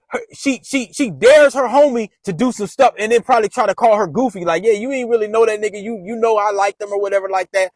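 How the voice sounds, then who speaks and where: A man's voice: high-pitched, dry recording. A man casually retelling a personal story in loose slang, often restarting his sentences.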